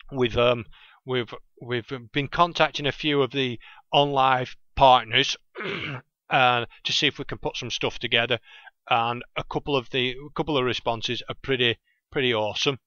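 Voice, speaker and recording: A man's voice: medium pitch, pushed and bright, clear, resonant tone, no echo, muffled recording. A man with a thick Lancashire accent hosting a gaming podcast alone, chatting casually and often losing his train of thought. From England. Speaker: podcast host. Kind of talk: casual rambling monologue.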